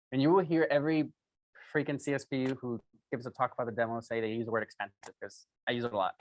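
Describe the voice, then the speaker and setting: A man giving a motivational sales training talk, telling an excitable story full of fillers and acting out both sides of a phone call. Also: mid-range voice, fast talker, dry recording. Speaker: sales speaker coaching a sales team.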